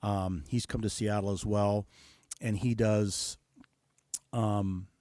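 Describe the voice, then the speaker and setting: Low-voiced man, dry close sound. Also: fairly even intonation, slow pace, dark tone, dry recording. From United States. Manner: thoughtful, many hesitations and fillers. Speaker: guest musician. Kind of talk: casual interview talk.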